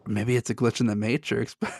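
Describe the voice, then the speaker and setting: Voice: medium pitch, little pitch movement, brisk, darkish tone, no echo. A podcast co-host in casual chat, rambling and cutting in on himself, laughing often.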